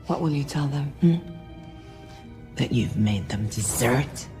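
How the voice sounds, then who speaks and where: A woman's voice: extremely low pitch, lively intonation, slow pace, loud music behind the voice, full character voice. An actress playing a haughty evil queen in a fantasy film, cold, taunting and imperious. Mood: scornful. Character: haughty, menacing adult female evil queen. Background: film score.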